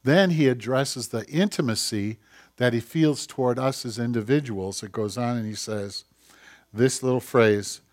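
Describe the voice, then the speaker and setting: A middle-aged man preaching a conversational sermon, telling personal stories, asking the congregation questions and reading scripture slowly. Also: medium pitch. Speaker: pastor.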